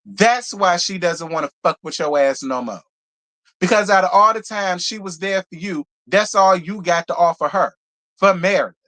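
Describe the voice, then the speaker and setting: Swearing freely and heated throughout, a channel host rants bluntly in a live review, repeating points over and over to drive them home. The voice is mid-pitched and fairly bright, moving at a normal speed.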